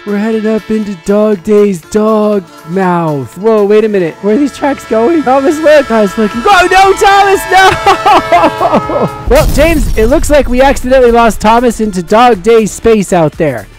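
A gameplay channel host giving excited commentary for kids, full of exclamations and calls to the viewers. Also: medium pitch, moderate pace, hardly any pauses, over music.

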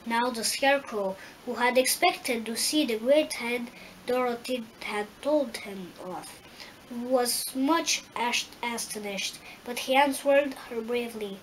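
Woman reader for a storybook, careful and slow with small stumbles. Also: fairly high pitch, a little hiss or hum, rough recording. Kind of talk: storybook reading.

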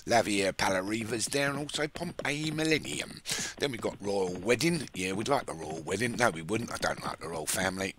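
A man commentating a horse race in a racing game, reading off the runners quickly and stumbling on names, with jokey rambling asides. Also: fairly low pitch, bright, forceful tone, slight background noise.

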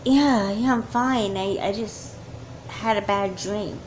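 A woman voicing a frightened young girl who cries out in high, strained yelps. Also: slow pace, a little hiss or hum, close to an everyday voice. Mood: shaken.

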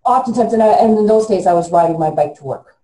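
A woman in her fifties, an interview guest telling her own story in a halting, earnest way with frequent restarts. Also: mid-range voice, animated, warm tone, roomy sound, poor audio.

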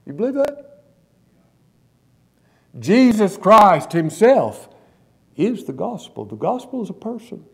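A male pastor preaching a sermon in a church, stressing key words slowly and putting questions to the congregation. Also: high-pitched, sing-song, gravelly, breathy edge.

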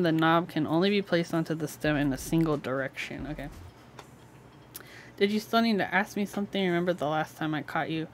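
A woman's voice: lowish voice, slight background noise. A young woman streaming from home as she builds a keyboard, chatting casually with frequent giggles and lots of "like". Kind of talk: casual live-stream chat.

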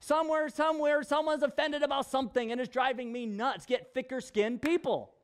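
High-voiced man preaching jokily. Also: fairly quick, clear, resonant tone. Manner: animated, jokey, conversational preaching. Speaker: pastor. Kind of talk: sermon in a casual vlog.

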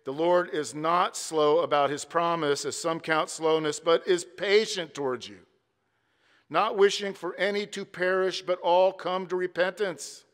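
A man's voice: fairly high pitch, moderate pace, fairly bright tone. Man, pastor, emphatic sermon, long church echo. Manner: emphatic preaching with rhythmic repetition. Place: church sanctuary.

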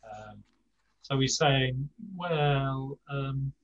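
Older male tutor, video call, slow and halting, lots of fillers. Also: medium pitch, highs cut off. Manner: slow, hesitant, many fillers and restarts. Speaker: Spanish class tutor. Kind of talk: online language lesson.

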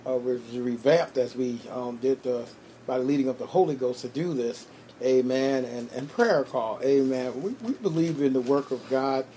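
A man's voice: medium pitch, darkish tone, a little hiss or hum. A man, a pastor hosting a prayer call, giving closing announcements and a benediction, with many fillers and repeated amens.

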